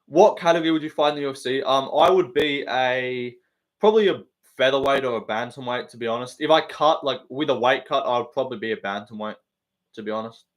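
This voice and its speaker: A man's voice: mid-range voice, fast talker. A young man in his twenties with an Australian accent hosting a casual live stream, reading comments in a joking, laid-back way full of slang and swearing.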